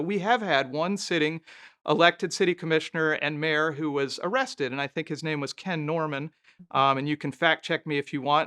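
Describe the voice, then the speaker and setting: A man's voice: fairly high pitch, bright, forceful tone, clean tone. A former mayor, a man, telling candid stories as a guest in a conversational interview. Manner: candid, anecdotal, thinking aloud.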